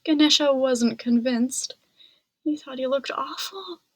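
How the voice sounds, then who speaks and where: A woman reading a children's picture book aloud in an expressive, dramatic way. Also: high-pitched, slow pace, no echo. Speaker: storybook reader. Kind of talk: children's storybook read-aloud.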